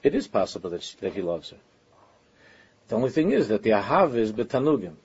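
Husky, low-voiced male religious teacher. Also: big pitch swings, a little mellow, dull audio. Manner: earnest, conversational, with frequent halting restarts. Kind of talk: informal Torah lecture.

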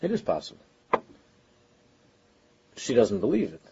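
A man's voice: medium pitch, wildly swooping pitch, a little slow, gravelly, highs cut off, background noise. A man giving an informal Torah lecture as a religious teacher, talking earnestly and conversationally and often stopping to restart his sentences.

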